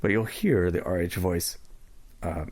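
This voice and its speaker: A man's voice: low-pitched, unhurried, husky. A man giving a casual spoken demonstration of assistive tech. He talks loosely, with fillers and self-corrections, into a portable recorder.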